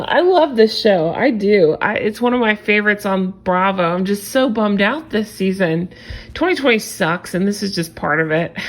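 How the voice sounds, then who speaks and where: Female recap host, casual and opinionated, sarcastic edge, mid-range pitch.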